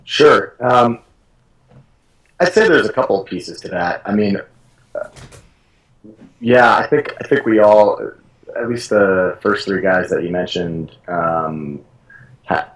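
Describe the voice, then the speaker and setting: A man appearing as a guest player on a sports talk show, answering in a relaxed, self-deprecating way with many "um"s. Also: low-pitched, rough recording. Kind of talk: casual interview answers.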